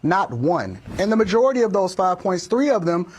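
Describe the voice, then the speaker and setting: A man's voice: high voice, very animated, moderate pace, a little mellow. A man giving heated political commentary, emphatic and hammering points by repeating them. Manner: emphatic, repeats phrases for force.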